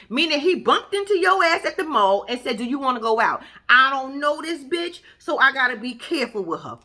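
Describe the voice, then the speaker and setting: High, lively, blunt-talking woman. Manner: blunt, profane, exasperated ranting. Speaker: reality TV reaction vlogger. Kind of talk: casual reaction commentary.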